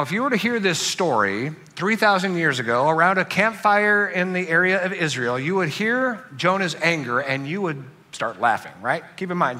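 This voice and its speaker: A man preaching a sermon to a congregation, animated, acting out angry outbursts as he tells a story. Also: on the high side. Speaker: pastor.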